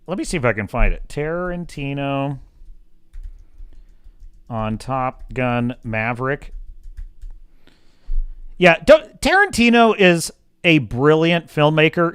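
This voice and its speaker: A passionate, opinionated man hosts a livestream and riffs on films in a smooth, resonant voice that sits a little high. His close mic gives a dry, intimate sound. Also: fairly bright tone, no echo. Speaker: livestream host. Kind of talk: casual film commentary.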